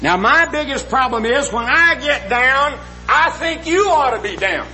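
A man's voice: very high voice, expressive, measured pace, bright, forceful tone, a little hiss or hum, rough recording. A middle-aged man preaching a sermon, earnest and folksy, often asking the congregation questions.

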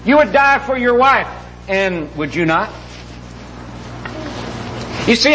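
A middle-aged man preaching a sermon, slowly drawing out scripture and then rushing through quick asides. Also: very high-pitched, fairly bright tone, slight background noise, rough recording.

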